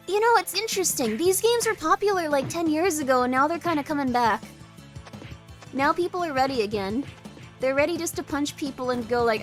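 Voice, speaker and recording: A woman streaming live, chatting casually and rambling as she reacts to a game showcase, with show audio and music playing behind her. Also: sits high. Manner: chatty, rambling, quick laughs and exclamations.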